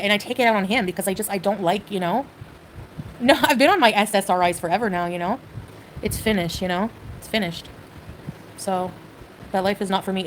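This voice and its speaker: A woman's voice: medium pitch, slight background noise, poor audio. A woman from Canada on a livestream, rambling hesitantly and leaning on "like" and "you know" as she talks.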